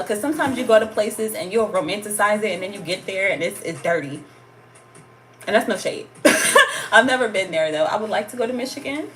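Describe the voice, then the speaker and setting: An American woman from the United States hosts a tarot channel livestream, chatting casually in a playful, slangy way and laughing often between remarks. Her mid-range voice has a fairly bright tone, with slight background noise in the clip.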